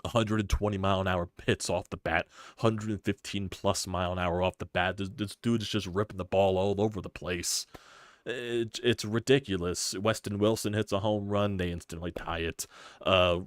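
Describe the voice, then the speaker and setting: A man hosting a live sports stream, ranting in frustration with rapid-fire rhetorical questions and profanity. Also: low-pitched, fairly even intonation, dry recording, clean studio sound. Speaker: sports channel host.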